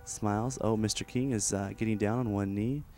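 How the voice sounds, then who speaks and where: A man with a fairly low voice gives mock broadcast commentary, playing an event reporter. His delivery is deadpan and mock-formal, like a stiff announcer. Faint music plays behind him. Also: moderate pace.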